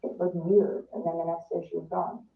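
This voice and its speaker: A woman's voice: on the low side, flat delivery, moderate pace, vocal fry. Woman guest rambling through a story, lots of "like", sounds far off and tinny in a roomy space. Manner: chatty, full of "like", acts out quotes. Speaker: interview guest. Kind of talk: casual storytelling interview. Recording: distant, roomy, phone-like sound.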